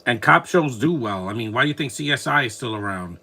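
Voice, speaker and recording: A man's voice: mid-range voice, animated, a little fast, creaky, bright, forceful tone, slightly rough. A man giving casual, opinionated commentary while watching a film, rambling and restarting his sentences.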